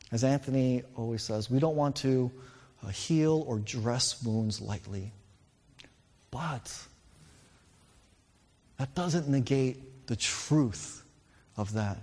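A man's voice: mid-range voice, darkish tone. A man in his thirties giving a sermon as a pastor, telling a story earnestly and with emphasis. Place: church. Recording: reverberant hall.

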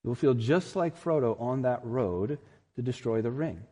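A male pastor delivers an earnest, emphatic sermon that climbs to strong peaks. His voice is mellow and slightly husky at a mid pitch. A long reverb from a large hall follows each phrase. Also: lively intonation, moderate pace.

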